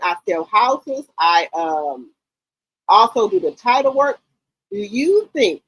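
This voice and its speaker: A woman in her late forties or fifties hosting a gossip channel, talking to her viewers in an animated, outspoken and profane way. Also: on the high side, slightly rough, poor audio. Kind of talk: casual commentary to viewers.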